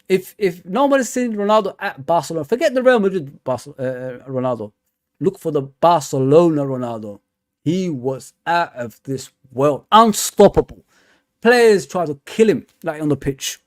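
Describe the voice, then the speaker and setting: A young man, hosting a live stream and chatting casually with his viewers, rambling and repeating himself with lots of fillers. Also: a little high. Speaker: fan channel host. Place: home.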